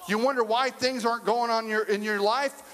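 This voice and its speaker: A man's voice: extremely high pitch, steady tone, normal speed, a bit bright. A male pastor preaching a sermon in a conversational, humorous way, speaking straight to the congregation. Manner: addresses the congregation directly. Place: church sanctuary with a congregation. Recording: long reverb of a large hall.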